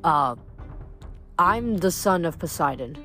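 A woman's voice: on the low side, animated, pushed and bright, soft background music, full character voice. A woman reading aloud, voicing an awkward, hesitant teenage boy demigod. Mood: nervous. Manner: hesitant, halting.

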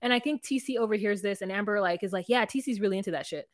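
Dry-sounding lively woman podcast co-host. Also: mid-range voice, rapid-fire, no echo. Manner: animated, acts out quotes of reality TV people. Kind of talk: casual recap chat.

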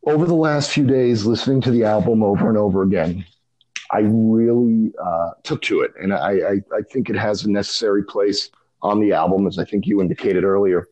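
Husky low-voiced man musing. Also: darkish tone, low-quality recording. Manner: thoughtful, halting, with frequent restarts. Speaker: podcast co-host. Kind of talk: casual music discussion.

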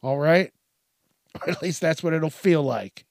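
A man's voice: on the high side, a little slow, no echo, studio quality. A man hosting a podcast, talking casually in a profane, self-deprecating way, laughing often and restarting his sentences. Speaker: podcast host. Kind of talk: casual monologue.

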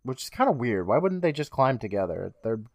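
A man's voice: mid-range voice, very animated, fairly quick, no room sound. A young adult man co-hosting a podcast, recapping a TV episode in a wry, profane, casual way. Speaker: podcast co-host.

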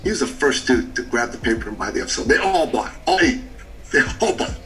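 A man on a podcast telling a personal story in short, punchy phrases, animated at times and hushed in the emotional parts. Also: medium pitch, brisk, recorded from a distance, soft background music, low-quality recording. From Canada. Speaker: business coach and podcast guest.

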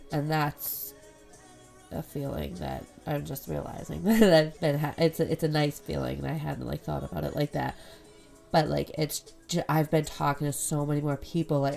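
Young woman host, low gravelly voice, casual rambling podcast chat with faint music behind. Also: a little mellow. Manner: candid, swears a lot, rambling.

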